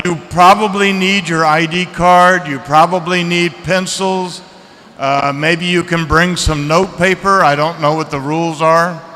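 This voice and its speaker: A man giving a seminar lecture to students, lively and chatty, asking the audience questions. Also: fairly high pitch, long reverb tail, a little hiss or hum. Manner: lively, asks the audience questions, acts out reactions. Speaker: seminar speaker. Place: lecture hall.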